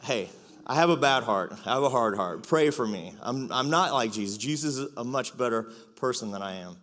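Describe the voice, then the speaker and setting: Brief: male preacher, middle pitch, conversational and self-mocking, long church-hall reverb. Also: expressive, fairly quick, fairly bright tone. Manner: conversational, confessional, joking asides. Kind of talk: sermon. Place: church auditorium.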